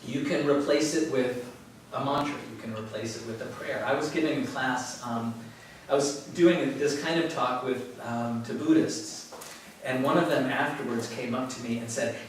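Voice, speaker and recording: A man's voice: mid-range voice, normal speed. Man teaching in a very echoey room. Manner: conversational, storytelling with frequent chuckles. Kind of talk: informal spiritual talk to a class. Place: yoga studio. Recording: very echoey room from far off, faint noise.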